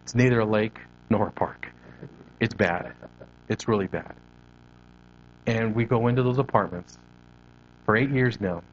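A man preaching a sermon, animated and conversational, moving his hands as he talks. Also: fairly low pitch, a little slow, pauses often, muffled recording. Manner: animated preaching with hand gestures. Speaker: pastor.

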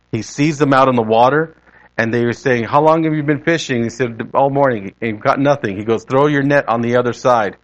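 A man's voice: fairly low pitch, highs cut off. A man preaching a sermon in a conversational way, often rephrasing as he goes.

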